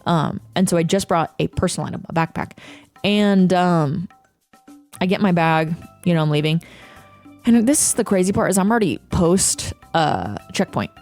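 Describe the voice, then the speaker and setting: A young woman streamer chatting casually, ranting with profanity and reading chat aloud. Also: fairly low pitch. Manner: animated, profane, quick ranting with laughs. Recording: faint music behind.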